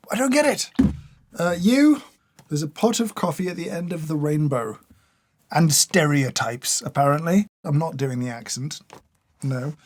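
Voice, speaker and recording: A man's voice: fairly high pitch, darkish tone, breathy edge. A man giving casual taste-test commentary in a dry, sardonic, mock-exasperated way. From United Kingdom. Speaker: coffee reviewer.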